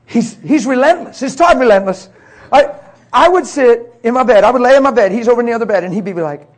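Husky, high-voiced man preaching. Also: brisk. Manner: animated, laughing, acts out voices. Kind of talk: sermon storytelling.

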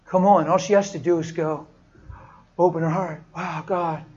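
A man preaching a sermon in a storytelling way, swinging from hushed, soft lines to loud, laughing outbursts. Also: fairly high pitch, fairly even intonation, moderate pace, highs cut off.

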